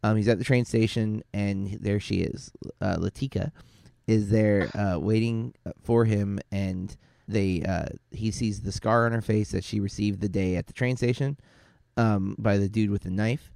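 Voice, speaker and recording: A man's voice: fairly low pitch, fairly even intonation, moderate pace, vocal fry, a little mellow, no room sound, studio quality. A man co-hosting a podcast, talking through a film in a casual, rambling way, often correcting himself and using fillers. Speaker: podcast co-host.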